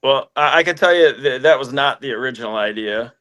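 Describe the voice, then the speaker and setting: A musician in a casual interview, telling stories with lively acted-out phone calls. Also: male voice, mid-range voice, a little fast. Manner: animated storyteller, acts out phone calls.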